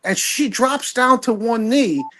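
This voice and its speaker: A man in his sixties casually telling a story from his youth, animated and rambling, swearing freely. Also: very high-pitched, unhurried. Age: 60s. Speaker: guest storyteller.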